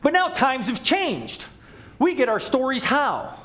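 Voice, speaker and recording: A middle-aged male pastor preaching a sermon, telling stories with humor, asides and quick jokes. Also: very high-pitched. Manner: animated storytelling with humor and asides.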